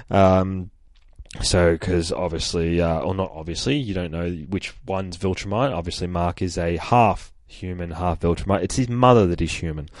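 Low-voiced Australian guy, profane rambling comic recap, dry close mic. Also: no room sound. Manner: rambling, profane, laughs often. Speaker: comic book reader. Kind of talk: casual comic recap with swearing.

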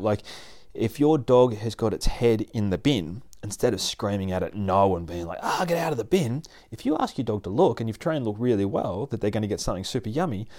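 A man explaining dog training in a casual, animated way, often laughing and acting out his dog. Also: fairly low pitch. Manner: animated, acts out dogs and people in playful voices, laughs often. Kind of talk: casual instructional talk.

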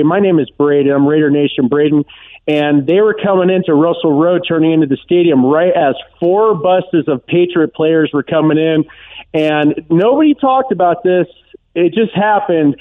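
A man's voice: fairly high pitch, normal speed. Male caller, phone line, tinny sound, earnest rambling fan. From Southern California. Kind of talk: phone call to a radio show.

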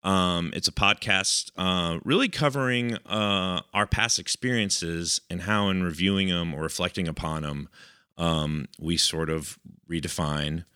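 Male podcast co-host, low voice, sharp tone, chatty and filler-heavy. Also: measured pace, smooth, no echo, clean studio sound. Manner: rambling, filler-heavy, chuckling. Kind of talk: casual podcast chat.

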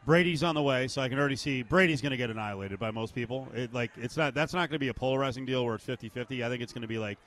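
A man's voice: medium pitch, racing, hardly any pauses, fairly bright tone. A man in his fifties hosting a sports talk show, steering the chat with strong opinions. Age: 50s. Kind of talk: casual sports radio chat.

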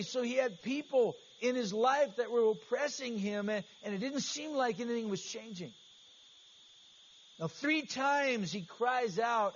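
A man's voice: extremely high pitch, unhurried. A man preaching an earnest, conversational sermon as pastor, often restarting his phrases. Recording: slightly dull, faint hiss.

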